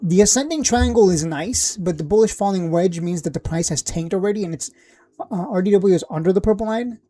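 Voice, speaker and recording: A woman hosting a casual stock live stream, thinking aloud with lots of fillers and blunt asides, a little hoarse from losing her voice. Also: medium pitch, brisk, dark tone. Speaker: stock livestream host.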